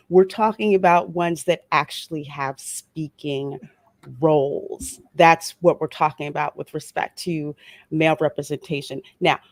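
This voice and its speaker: Emphatic, sarcastic low-voiced woman with a Louisiana Creole accent. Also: no room sound. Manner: emphatic, sarcastic, building indignation. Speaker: panelist. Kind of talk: heated panel discussion.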